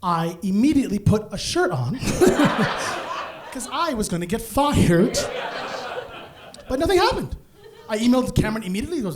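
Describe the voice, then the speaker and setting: Male stand-up comic, very lively pitch, animated, laughing through his story on stage. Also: moderate pace, pauses often. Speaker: stand-up comedian. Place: comedy stage.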